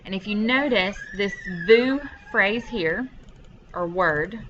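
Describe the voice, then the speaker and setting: A woman's voice: mid-range voice, slow pace, a bit bright, muffled recording, slight background noise. A woman teaching French vocabulary from home, explaining patiently step by step with frequent ums. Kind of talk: recorded classroom lesson over a screen share.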